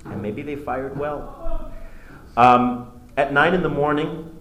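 A man's voice: fairly high pitch, slow. Male teacher telling history in an echoey room. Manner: animated storytelling with frequent restarts. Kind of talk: classroom lecture. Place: classroom. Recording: echoey classroom with faint noise.

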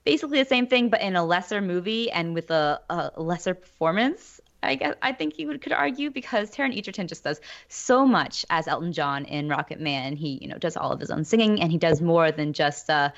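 A woman's voice: lowish voice, expressive, fairly quick. A woman on a film podcast panel, opinionated and casual, with frequent fillers and restarts. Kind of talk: casual chat. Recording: dull lo-fi audio.

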